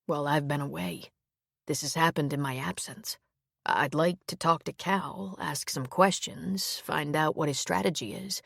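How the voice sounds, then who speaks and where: A woman voicing Owen, a quiet and gentle grown man, in an audiobook, speaking softly and reassuringly. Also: fairly even intonation, measured pace, creaky, dry recording, studio quality, heavily acted. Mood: soothing. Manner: soft, reassuring, low-key. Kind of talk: audiobook character reading.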